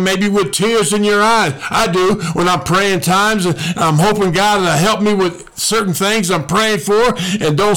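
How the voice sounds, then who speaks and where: A man's voice: high voice, bright, forceful tone. A man preaching a sermon, repeating lines and calling the listeners to respond.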